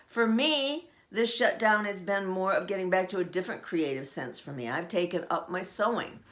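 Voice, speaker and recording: A woman's voice: mid-range voice, moderate pace. A middle-aged woman hosting her own podcast, chatting on her own and laughing often as she acts out everyday sayings. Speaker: podcast host. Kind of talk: casual solo podcast musing.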